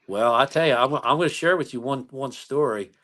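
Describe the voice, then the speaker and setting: An American police chief in his sixties tells his stories in an animated, lively way and acts out the dialogue. His voice sits at an ordinary middle pitch for a man. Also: fairly quick. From United States. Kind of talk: storytelling interview.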